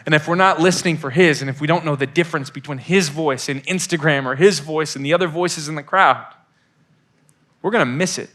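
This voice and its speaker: A man in his thirties giving a youth sermon, telling stories in a lively way and acting out voices on the phone. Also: fairly high pitch, brisk. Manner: animated storytelling with acted-out phone voices. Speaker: youth pastor.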